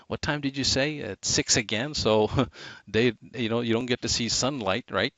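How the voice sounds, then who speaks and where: A man giving a motivational sales training talk, animated, shifting his inflection and speed for emphasis. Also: mid-range voice, moderate pace, no echo. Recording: dull lo-fi dry recording.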